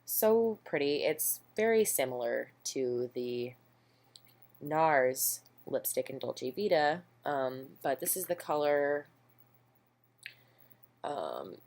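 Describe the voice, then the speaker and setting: Low-pitched young woman, casual beauty vlogger, chatty and self-deprecating, recorded at home on a camera mic. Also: sing-song, slow pace, darkish tone. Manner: rambling, chatty, self-deprecating, lots of ums. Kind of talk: casual makeup haul chat. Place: home, indoors.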